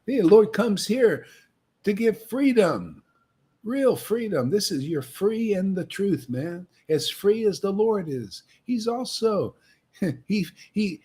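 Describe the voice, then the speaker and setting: A man preaching with heated, confrontational fervor, daring his listeners and repeating himself for emphasis. His husky voice sits a little high and leaps up and down as he presses each point. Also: a little mellow. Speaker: preacher leading a devotee meetup. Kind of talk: impassioned street-style preaching.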